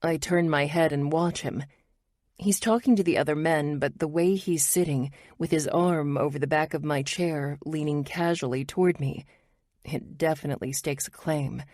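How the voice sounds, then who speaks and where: A woman's voice: sits low, fairly even intonation, moderate pace, darkish tone, dry recording, studio quality. A woman narrating a romance audiobook in the first person, wry and intimate.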